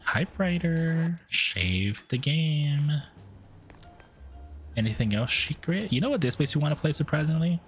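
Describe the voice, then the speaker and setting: A man's voice: sing-song, measured pace, slight background noise. A man streaming a game, giving playful, casual commentary that is full of swearing. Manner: playful, swears often, swings his pitch.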